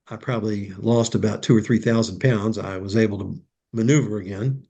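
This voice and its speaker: Older male storyteller, raspy and gravelly, emotional, acts out dialogue. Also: lowish voice, steady tone, brisk, dark tone. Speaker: guest, professional Santa Claus. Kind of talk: heartfelt storytelling in interview.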